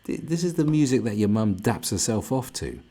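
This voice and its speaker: A man's voice: medium pitch, very animated, fairly quick, music in the background. Foul-mouthed man ranting on stream. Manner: crude, mocking, laughs often. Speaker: live streamer. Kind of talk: profane ranting reaction stream.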